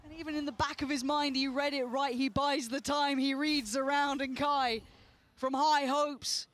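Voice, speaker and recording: A man doing excitable play-by-play commentary on an esports match, shouting at the big plays. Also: very high-pitched, moderate pace. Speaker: esports caster.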